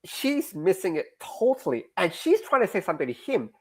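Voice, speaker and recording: Animated man explaining storytelling. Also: high voice, fairly quick, breathy edge. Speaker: comic creator, interview guest. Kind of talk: explaining in a casual podcast interview.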